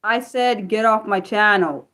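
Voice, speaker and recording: With a mid-range, slightly bright voice and a measured pace, this livestream host runs an unscripted stream. She reads her chat aloud and replies to it, venting and cursing frequently along the way.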